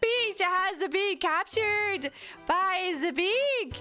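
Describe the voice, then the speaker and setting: A woman voicing Mario with a goofy, slow, exaggerated fake accent over game music. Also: very high voice, animated, pushed and bright, voice pushed up, full character voice. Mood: hammy. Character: Mario, cheerful plumber hero, man, put-on accent.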